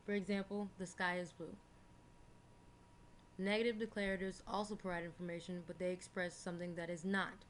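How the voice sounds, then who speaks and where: A woman's voice: fairly low pitch, a little hiss or hum. A young woman reading a school presentation from notes, plain and careful. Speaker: student presenter.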